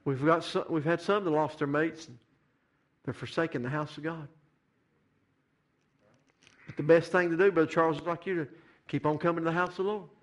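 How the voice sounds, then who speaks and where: A man's voice: on the high side, fairly even intonation, brisk, long pauses. A middle-aged man preaching a sermon, building to fervent, repeated climaxes. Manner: rising to fervent shouted climaxes, repetitive preaching cadence. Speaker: pastor.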